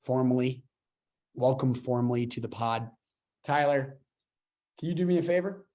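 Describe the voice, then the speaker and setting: Enthusiastic and chatty, a twenty-something man hosts a casual podcast at a moderate pace. His voice sits at an ordinary middle pitch, and he rambles, catching on restarts whenever he gets worked up.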